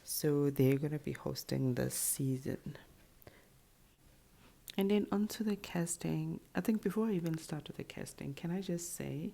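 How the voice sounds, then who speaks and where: Low gravelly woman chatting casually. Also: mellow. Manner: chatty, with quick sassy asides. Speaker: reality show commentator. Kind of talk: casual show recap to camera.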